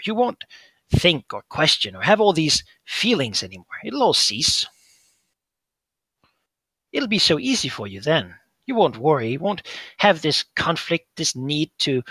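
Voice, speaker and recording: A man's voice: on the high side, sharp tone, breathy edge, no echo, pitched above the performer's own voice, heavily acted. A man voicing a pleading male demon bound to a hero, coaxing and wheedling in a raised voice.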